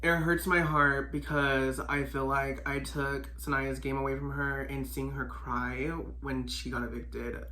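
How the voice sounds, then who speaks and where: Man, earnest regretful confessional, bright tone. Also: medium pitch, little pitch movement, measured pace, few pauses. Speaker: game contestant. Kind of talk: confessional monologue.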